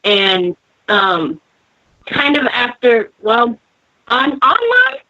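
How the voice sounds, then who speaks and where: Woman guest, tarot reader, rambling, fairly high pitch, dry, dull sound. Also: extremely slow, dry recording. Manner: relaxed, rambling with fillers. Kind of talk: casual interview chat. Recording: dry, dull call audio.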